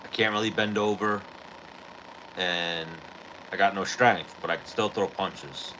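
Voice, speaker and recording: Forceful low-voiced man, rambling and profane. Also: fairly even intonation, a little slow, a little hiss or hum, rough recording. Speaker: podcast host. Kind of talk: casual storytelling chat.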